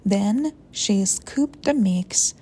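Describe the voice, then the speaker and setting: A woman's voice: medium pitch, animated, very slow, dark tone, slightly rough. A woman reading a children's story aloud expressively, with playful sound words.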